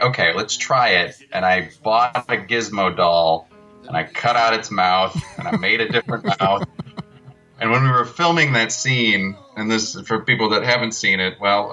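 A man's voice: lowish voice, sharp tone, dull audio. A man, a guest filmmaker, telling loose, laughing stories in a casual interview.

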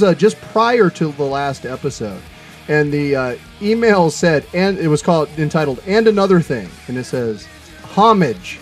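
Guy cohosting a podcast, swears and cracks up a lot, lively up-and-down voice, music under it. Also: a little high. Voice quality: profane, laughs often. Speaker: podcast co-host. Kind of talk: casual crude banter.

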